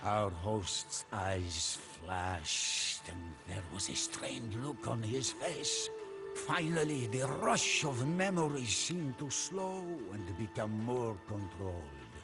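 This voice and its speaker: A male commander narrates a campaign journey in a measured, storytelling style. His delivery is slow and deliberate, with loud orchestral music underneath this game cutscene. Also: on the low side, big pitch swings, heavily acted.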